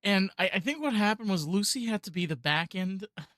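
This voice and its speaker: A woman hosting a podcast chats casually with her guest and gets excited as she remembers something she once watched. She is recorded close to the mic, in a dry space with no echo at all. Her voice sits at an ordinary middle pitch. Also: brisk. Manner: chatty, reacts and recalls a TV episode with enthusiasm. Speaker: podcast host. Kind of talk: casual interview chat.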